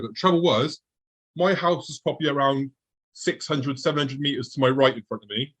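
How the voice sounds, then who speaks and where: A man's voice: mid-range voice, fairly quick, a bit bright, husky, poor audio. A man, a guest on the show, vividly recounting a personal encounter and acting out his own past thoughts as he goes.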